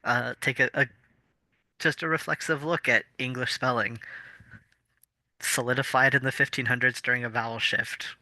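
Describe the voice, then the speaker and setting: A man's voice: medium pitch, fairly even intonation, moderate pace, pauses often, pushed and bright, dry recording. A man co-hosting a casual podcast, explaining things thoughtfully with fillers and restarts. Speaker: podcast co-host. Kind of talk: casual chat.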